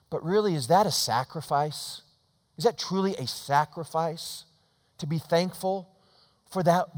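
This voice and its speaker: Preaching man with a long church echo. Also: a little high. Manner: storytelling with swings between loud emphasis and hushed tones. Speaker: pastor. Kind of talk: sermon. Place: church sanctuary. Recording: long reverb of a church hall.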